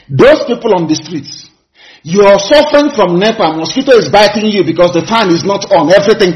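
A man's voice: high voice, expressive, fairly quick, rough recording. A man giving impassioned political commentary, full of rhetorical questions and preacher-like repetition.

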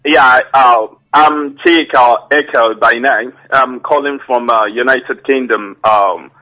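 A man's voice: mid-range voice, slow pace. A man calling in to a radio show, speaking hesitantly with many fillers. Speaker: caller. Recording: muffled phone-in audio.

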